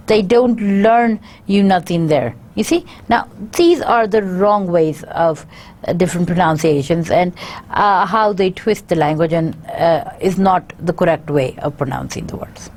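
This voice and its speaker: A woman's voice: on the low side, lively intonation, darkish tone. Woman lecturer. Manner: halting, many filler pauses, reads out word lists. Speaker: university lecturer. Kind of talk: recorded lecture reading from slides.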